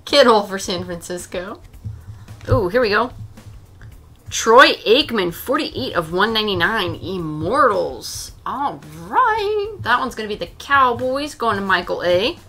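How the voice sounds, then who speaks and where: Lady hosting a card break stream, slow steady call-outs, bright sharp voice, gets all squealy over big hits. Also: medium pitch, soft background music. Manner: excitable, gasping and squealing over good pulls; reads out names in a steady rundown. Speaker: trading card break host. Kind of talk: live stream commentary.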